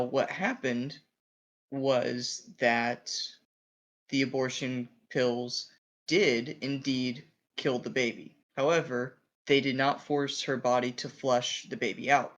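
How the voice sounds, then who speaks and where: A man co-hosting a podcast who recounts a news story step by step in a measured way. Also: medium pitch, fairly bright tone. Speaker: podcast co-host. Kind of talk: political commentary chat.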